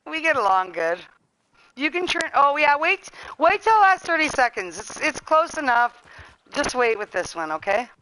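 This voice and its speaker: A woman's voice: sits high, sing-song, moderate pace, sharp tone, slight background noise, low-quality recording. A woman from Western Canada with a Canadian accent, chatting casually with friends while streaming a game, laughing, teasing and swearing freely. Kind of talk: casual gaming chat with friends.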